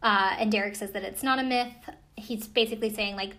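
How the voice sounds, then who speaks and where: A woman's voice: mid-range voice, steady tone, a little fast, sharp tone. A young American woman giving a casual, skeptical recap with a sarcastic edge and lots of fillers. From United States. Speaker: commentator recapping a ghost-hunting show. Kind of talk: casual chat.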